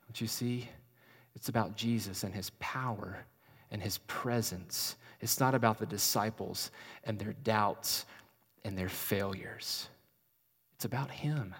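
A man preaching a sermon as a pastor, with a dynamic delivery that swings between loud emphasis and soft, hushed passages. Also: lowish voice, a little slow, slightly rough. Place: church sanctuary. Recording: long reverb of a large hall.

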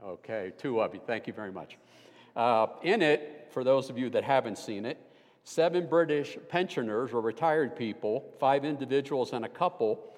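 An older man with a mid-range, slightly mellow voice delivers a conversational sermon as a guest preacher, lacing it with dry, self-deprecating humor. He speaks in a church sanctuary, and the recording carries a long hall reverb.

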